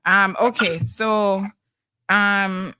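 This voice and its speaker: A woman's voice: medium pitch, steady tone, very slow, pushed and bright, smooth. A woman hosting a radio talk show, exclaiming and asking probing questions. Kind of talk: casual chat.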